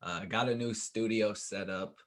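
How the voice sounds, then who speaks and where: A man's voice: lowish voice, measured pace. A man hosting a podcast, sounding a little tired, chatting casually and repeating his words. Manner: relaxed, repeats words, laughs often. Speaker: podcast host.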